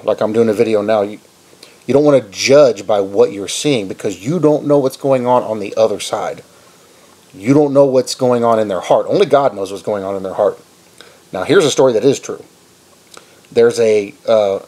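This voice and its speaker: A husky-voiced man with a drawl preaches through a homespun story. He talks casually and rambles as he goes. His pitch sits in an ordinary middle range. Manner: rambling, conversational, relaxed retelling. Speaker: Christian video preacher.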